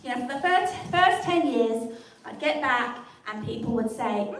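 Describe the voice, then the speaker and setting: A woman's voice: a little high, lively intonation, normal speed, fairly bright tone, slight background noise. A woman from England with an English accent doing a wry, self-deprecating stand-up comedy set. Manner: wry, self-deprecating, chatty with the live stream audience. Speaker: stand-up comic. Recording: echoey room picked up from a distance.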